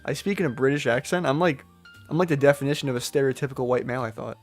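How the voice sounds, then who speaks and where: A young man hosting a trading livestream, reading viewer comments aloud in loose, joking slang. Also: mid-range voice. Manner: loose, joking, slangy, reacts to chat with quick laughs. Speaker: livestream day trader. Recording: faint music behind the voice.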